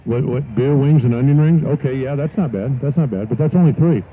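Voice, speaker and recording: A man's voice: medium pitch, a little fast, slightly rough. Joking drag race announcer man. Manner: joking, folksy asides between runs. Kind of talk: live race commentary. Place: outdoor dragstrip. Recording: dull live-stream audio with loud track noise.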